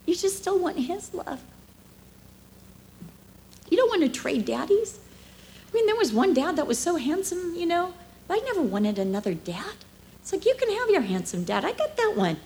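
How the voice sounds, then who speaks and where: A woman in her fifties giving a conversational sermon at church, telling emotional stories with lively swings from hushed to animated. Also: extremely high pitch, moderate pace, long pauses, a little hiss or hum, low-quality recording. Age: 50s. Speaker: speaker at a church.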